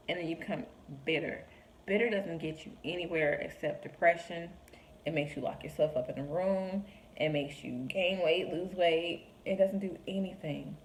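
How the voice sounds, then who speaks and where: Young woman, encouraging, heartfelt vlog talk, lower voice, faint background noise. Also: moderate pace, poor audio. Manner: earnest and encouraging, acts out quoted voices. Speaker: vlogger sharing faith reflections. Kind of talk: heartfelt personal talk to camera.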